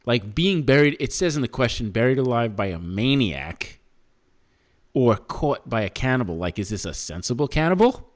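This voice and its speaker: A Canadian man in relaxed podcast banter, his voice rising and falling a lot as he riffs on silly ideas. He laughs easily and talks with plenty of fillers, at a middling pitch. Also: moderate pace. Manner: laughs often, jokey and animated, lots of fillers. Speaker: podcast co-host. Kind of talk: casual podcast chat.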